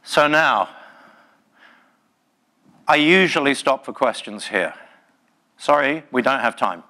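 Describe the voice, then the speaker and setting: Bright, passionate male conference speaker. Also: mid-range voice, lively intonation, takes it slowly. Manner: passionate, emphatic, jokey. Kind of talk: live tech conference talk. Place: conference session room.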